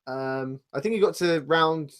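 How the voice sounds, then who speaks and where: A man's voice: fairly high pitch, measured pace, clean tone. A man with a British accent co-hosting a live podcast, blunt, sweary and argumentative. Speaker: podcast co-host. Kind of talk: casual live podcast banter.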